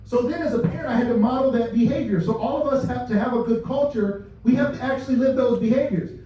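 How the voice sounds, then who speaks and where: A man's voice: very high-pitched, quick pace, noisy background. A middle-aged man speaking as a company leader, telling stories and addressing his audience directly, sometimes laughing at his own stories. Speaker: company leader giving a culture talk. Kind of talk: motivational talk to a live audience. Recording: distant mic, dull and echoey room sound.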